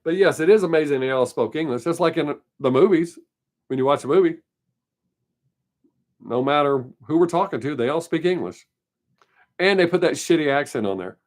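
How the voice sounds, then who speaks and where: A man's voice: a little high, animated, normal speed, long pauses. A man hosting his weekly live stream, chatting casually and answering viewer comments in a rambling, opinionated way. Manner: rambling, opinionated, laughs often.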